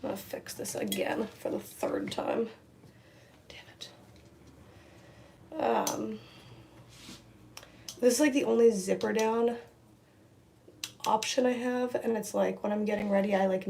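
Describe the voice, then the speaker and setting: Young female streamer, casual and rambling, creaky mid-pitched voice, faint room noise behind. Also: a little mellow. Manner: rambling, repeats words, reads viewer comments aloud. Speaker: livestreamer. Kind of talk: casual livestream chat. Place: at home indoors, near a window.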